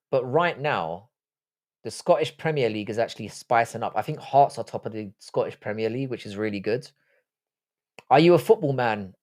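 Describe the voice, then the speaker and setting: A man's voice: mid-range voice, darkish tone. A man in his forties hosting a live stream, answering viewer chat in casual, blunt, profane, joking banter. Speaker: livestream host.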